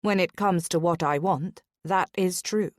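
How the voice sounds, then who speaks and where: A woman reading a calm, arrogant young nobleman in a low, quiet, even voice in an audiobook. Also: a little slow, no room sound, studio quality.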